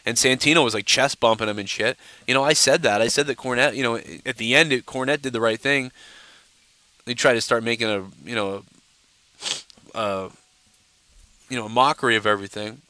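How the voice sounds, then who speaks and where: A man hosts a live stream, rambling and cursing freely with constant fillers. His voice is bright and forceful, smooth and clear. The sound is dry and close to the mic. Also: mid-range voice, fairly even intonation, fairly quick, no echo. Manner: profane, rambling, lots of "you know". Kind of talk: casual live-stream rant.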